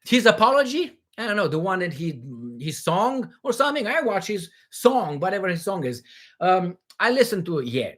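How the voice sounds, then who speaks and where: A man from Romania, hosting a casual livestream Q&A in a rambling, animated way from home. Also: high voice, normal speed. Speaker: livestream host.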